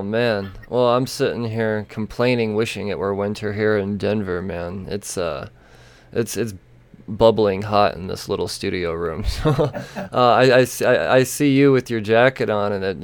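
A man hosting a casual podcast from a small studio room, chatty and quick to laugh, with lots of fillers. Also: lowish voice, clean tone. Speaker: podcast host.

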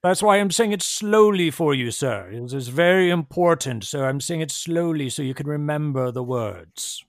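A man's voice: fairly high pitch, animated, normal speed, no echo, clean studio sound. A man voicing a formal, patronizing male vampire doctor in a tabletop game. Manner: prim, polite, patronizing.

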